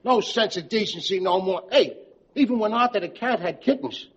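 An actor playing a blustering, old-fashioned working-class father in a sitcom, grumbling in rough everyday grammar. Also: high voice, lively intonation, moderate pace. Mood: grumbling, scoffing. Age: middle-aged. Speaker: father of the pregnant woman. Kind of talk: 1970s sitcom acting. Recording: dull noisy old TV audio, audience laughter.

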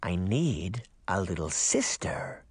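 A man's voice: sits low, very animated, slow pace, slightly rough, dry recording, studio quality, pitched below the performer's own voice, heavily acted. A man voicing a creepy little girl villain with a sing-song, childish menace in an audiobook reading.

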